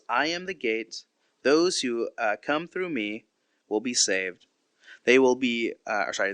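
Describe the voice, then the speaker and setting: A man's voice: medium pitch, a bit bright, no echo. A man in his thirties giving an earnest, conversational Bible devotional as a podcast host, acting out quotes as he goes.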